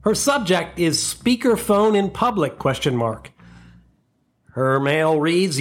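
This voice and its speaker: A man hosting a comedy podcast, ranting in an animated, profane, mock-outraged monologue into a close mic. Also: fairly high pitch, slow.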